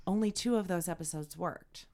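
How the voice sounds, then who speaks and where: A woman co-hosting a podcast in casual chat, telling stories in an animated, chatty way. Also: lowish voice, moderate pace. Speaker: podcast co-host.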